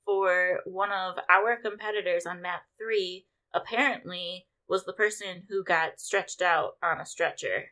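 A woman co-hosting a casual podcast, telling lively stories and laughing often. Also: lowish voice, measured pace, few pauses. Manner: animated storytelling, acts out voices, laughs often. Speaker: podcast co-host, scorekeeper. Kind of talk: casual chat.

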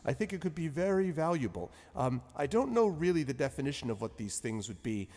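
A man's voice: on the high side, big pitch swings, a little fast, a little mellow, long reverb tail, voice pushed up. A man voicing a jolly, eccentric male wizard who chatters whimsically. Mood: chatty.

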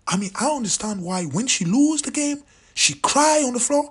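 A man in his late thirties talks through his opinions as a show host, his pitch leaping around in a lively, emphatic way. His voice is very breathy and airy, and he repeats himself for emphasis, sometimes sinking to an almost whispered aside. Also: normal speed. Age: 30s. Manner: animated, emphatic, repeats points, drops to near-whispers. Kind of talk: opinionated commentary monologue.

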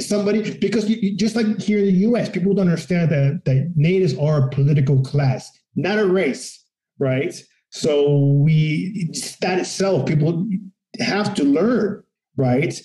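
A man talking in a casual, profane political discussion, animated and acting out quotes of other people. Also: fairly high pitch, roomy sound, poor audio.

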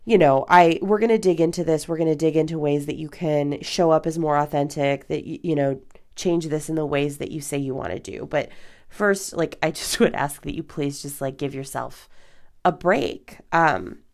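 A woman in her thirties with a notably low voice talks straight to her podcast listeners. She is chatty and candid, with loose fillers and casual swearing. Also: normal speed, a little mellow. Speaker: podcast host. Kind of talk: casual advice podcast monologue.

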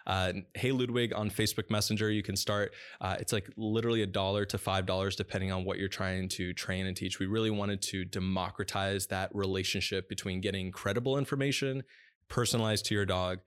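A man with a notably deep, low voice talks through ideas in long explanatory stretches. He is a dog training business owner being interviewed, and he fills his pauses with a relaxed "uh" as he goes. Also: clean tone. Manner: fluent, explanatory, with frequent "uh" pauses.

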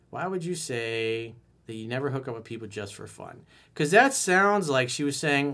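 Blunt, animated man coaching on dating. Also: mid-range voice, moderate pace. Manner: blunt, animated, acts out lines with sudden soft asides. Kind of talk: reading and reacting to a listener's letter.

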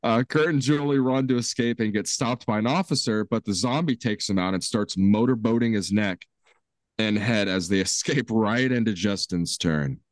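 A man's voice: lowish voice, normal speed, no echo, clean studio sound. A man co-hosting a casual movie podcast, recapping the plot with easy laughs. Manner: laid-back, laughs often while recapping. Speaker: podcast co-host.

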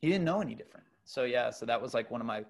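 A middle-aged man spins a personal story in relaxed conversation. He talks loosely and with energy, restarting his sentences and filling gaps with ums, at an ordinary pitch for a man. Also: rapid-fire. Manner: loose and animated, many fillers and restarts. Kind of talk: casual storytelling chat.

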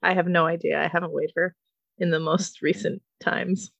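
A woman's voice: on the low side, fairly even intonation, normal speed, vocal fry, a bit bright, no echo. A woman co-hosting a casual podcast, rambling, swearing freely and laughing often. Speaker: podcast co-host. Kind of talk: casual chat.

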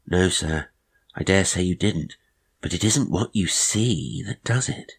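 A man's voice: sits low, unhurried, creaky, breathy edge, exaggerated voice. A man voicing a half-shy, sly teenage boy who confides hints in slangy, polite talk. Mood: confiding.

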